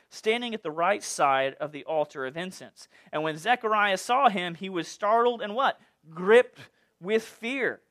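A man preaching a sermon in a playful, animated way, full of jokes and asides. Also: sits high. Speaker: pastor.

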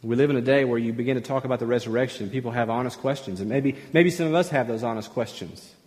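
A pastor preaching a sermon, emphatic at times and dropping to a near hush at others. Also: male voice, mid-range voice, fast. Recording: long reverb of a large hall.

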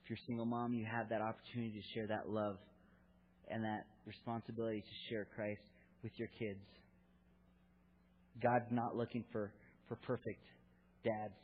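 A man in his thirties preaches at a church gathering for fathers, his lowish voice level and his pace normal, pausing often. His sermon is earnest and candid, built on stories from his own family. The recording is tinny and lo-fi, like a phone.

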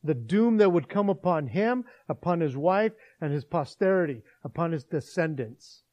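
A man preaching a sermon, retelling a Bible story as a lively storyteller. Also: on the high side, normal speed, highs cut off. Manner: animated storyteller acting out scenes.

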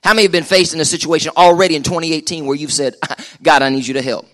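A middle-aged man preaching a lively live sermon in a church. He jokes, chats and calls on the congregation to answer back. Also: on the high side, fast talker. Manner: joking, chatty, calls for crowd response. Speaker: pastor.

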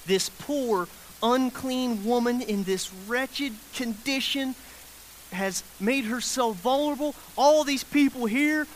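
High-voiced man preaching a conversational sermon. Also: slow pace. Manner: conversational preaching that acts out the people in the story; repeats phrases and checks in with listeners. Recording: faint hiss.

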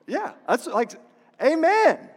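A man's voice: extremely high pitch, wildly swooping pitch, slow pace. A man preaching a sermon as a pastor, passionate and repetitive, asking the congregation rhetorical questions. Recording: long reverb of a large hall.

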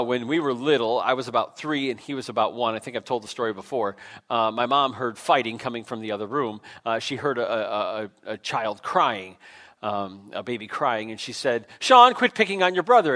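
A man's voice: mid-range voice, a little fast, fairly bright tone. A man, a pastor, preaching a sermon in a church in a conversational, self-deprecating way, with frequent fillers and restarts. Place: church sanctuary.

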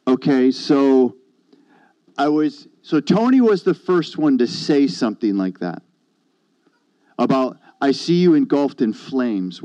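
Preacher, male, warm low-key storyteller, dry muffled recording. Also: no echo. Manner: storytelling, conversational, quotes others. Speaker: pastor. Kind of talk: sermon testimony.

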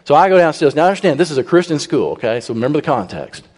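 A man telling a humorous personal story to a congregation, animated and acting out the people he quotes. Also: on the high side, rapid-fire. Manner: animated, raises his voice when he quotes people. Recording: long reverb in a large hall.

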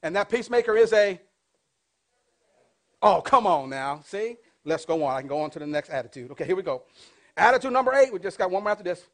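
A pastor in his fifties preaches a sermon in a high, sing-song voice at a fast clip. He poses call-and-response questions to the congregation and shifts between loud and hushed delivery.

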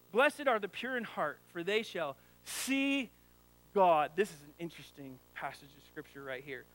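A man's voice: high voice, a bit bright, rough recording. A man preaching a sermon as a pastor, in a conversational, joking style, full of rhetorical questions to the congregation.

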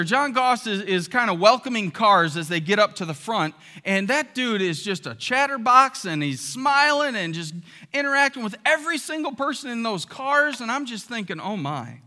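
A man's voice: sits high, pushed and bright, big-room sound. A man pastor preaching a conversational sermon to his congregation in a church, often asking them rhetorical questions.

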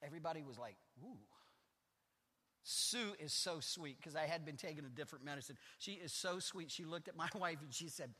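A man's voice: a little high, fast, hardly any pauses, pushed and bright. Playful middle-aged male pastor, church reverb. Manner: playful, teasing the congregation, self-mocking asides. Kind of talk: joking conversational sermon. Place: church sanctuary.

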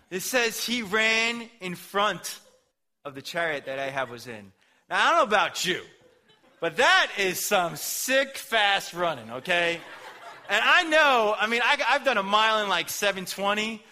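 A man's voice: high voice, very animated, a little slow, pushed and bright. A young man preaching a casual, slangy sermon, retelling a story and acting out the characters' voices.

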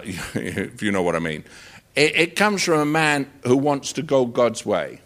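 Male pastor, emphatic and preacherly, voice swings widely in pitch; interview storytelling. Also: fairly bright tone. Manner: emphatic, preacherly, punchy short declarations.

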